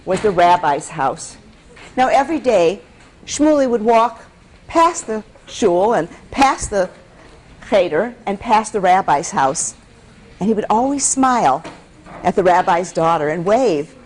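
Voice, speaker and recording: Animated woman storyteller from Michigan. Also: a little high, slight background noise. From Michigan, USA. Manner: animated, coaxes the audience to repeat words. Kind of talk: telling a folktale to a live audience.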